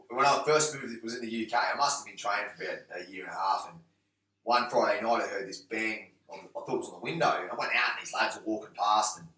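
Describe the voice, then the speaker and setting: Man, quick talker, slightly low voice, bright tone, rambling anecdotes, roomy distant mic. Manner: rambling storyteller, peppers talk with "mate" and "you know". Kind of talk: casual anecdotal chat.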